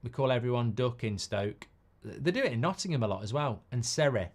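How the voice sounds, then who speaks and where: A man's voice: mid-range voice, animated. A middle-aged man hosting a live football watchalong, chatting casually and ranting with plenty of swearing. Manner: ranting, sweary, quick to flare up at players. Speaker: host.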